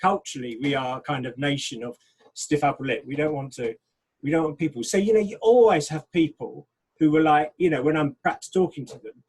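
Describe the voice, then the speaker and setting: A man, a pastor, talking frankly and thoughtfully in a casual discussion, getting animated when he quotes people. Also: on the high side, a little fast, husky, rough recording.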